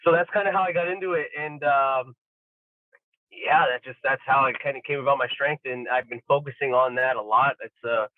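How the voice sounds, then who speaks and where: A man's voice: medium pitch, fairly quick, noisy background. A man telling stories in a casual podcast chat, acting out quotes with lots of fillers. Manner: animated storyteller acting out quotes, many fillers. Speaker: podcast guest, athlete. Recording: tinny phone-like line, dry.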